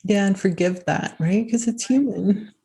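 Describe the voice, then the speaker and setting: A woman's voice: medium pitch, measured pace, dark tone. A woman hosting an interview, reflective and affirming, often checking in with her guest. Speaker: host. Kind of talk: interview conversation.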